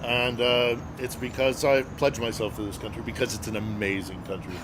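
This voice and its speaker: A man's voice: mid-range voice, little pitch movement, moderate pace, background noise. A middle-aged man, a journalist guest, telling a story casually and earnestly, with many fillers and hesitations.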